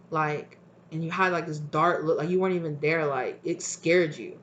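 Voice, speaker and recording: A woman's voice: sits low, fairly even intonation, unhurried, fairly bright tone, highs cut off, slight background noise. A woman giving a casual tarot reading, talking bluntly with lots of fillers, swearing freely and acting out people's reactions in quoted voices. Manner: rambling with many fillers. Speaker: tarot reader.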